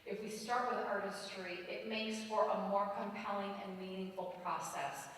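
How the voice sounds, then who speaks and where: A woman from Michigan giving a lively, joking choral conducting workshop lecture at a conference. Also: medium pitch, normal speed, far from the mic, a little hiss or hum. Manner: lively, joking, animated storytelling. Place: conference hall. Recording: roomy hall, voice from afar.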